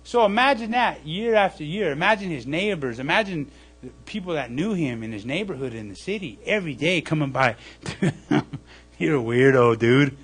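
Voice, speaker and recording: Guy preaching at a church service, high voice that swings all over, keeps saying okay and right. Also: lively intonation, brisk, husky. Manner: acts out mocking voices loudly. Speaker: pastor. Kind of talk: sermon.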